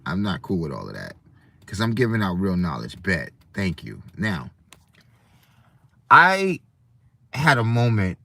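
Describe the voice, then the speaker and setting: A man's voice: deep voice, wildly swooping pitch, a little slow, gravelly, pauses often, sharp tone. A man hosting a livestream, talking in a preachy, rambling way and often speaking to his chat. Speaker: livestream host. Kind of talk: casual livestream rant.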